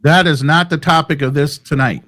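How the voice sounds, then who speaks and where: A man's voice: fairly high pitch, moderate pace, sharp tone. A man hosting a heated live-stream debate, blunt, profane and impatient. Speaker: host.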